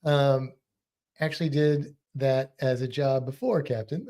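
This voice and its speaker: A man's voice: mid-range voice, takes it slowly, pauses often, darkish tone. An American man co-hosting a casual live stream, chatting and laughing as he answers viewer comments. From United States. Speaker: livestream co-host.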